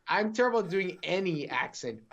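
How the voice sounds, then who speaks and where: A man co-hosting a gaming podcast in casual chat, easygoing and quick to chuckle, with rambling asides. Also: high voice, animated, a bit bright. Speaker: podcast co-host. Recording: dull lo-fi audio.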